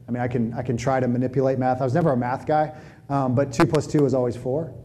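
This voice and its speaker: A man preaching a sermon in a conversational, animated way, often restarting his phrases. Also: mid-range voice, fast, a little hiss or hum, poor audio. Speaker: pastor.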